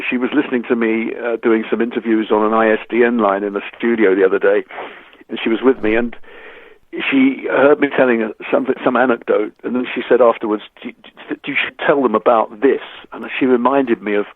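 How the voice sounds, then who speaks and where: A man from England tells lively stories as an interview guest, slipping into the voices of the people he quotes and stumbling over restarts. His voice sits in a middle range. It comes through a dry, narrow, phone-like line. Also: medium pitch, no echo. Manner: animated storyteller, acts out quoted voices, stammers on restarts. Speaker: musician guest. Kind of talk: anecdotal interview chat.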